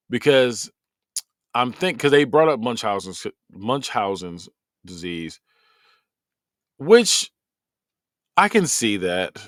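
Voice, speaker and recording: A man hosting a podcast, giving a rambling, animated review of a documentary he has just finished. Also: medium pitch, dry recording, studio quality. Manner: rambling, animated, repeats himself. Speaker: podcast host.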